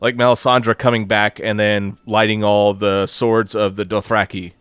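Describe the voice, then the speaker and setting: Low-pitched guy ranting on a podcast, dry sound, acts out mocking quotes. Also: moderate pace, smooth, no room sound. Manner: animated, profane, mocks others in quoted voices. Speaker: podcast co-host. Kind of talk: casual chat.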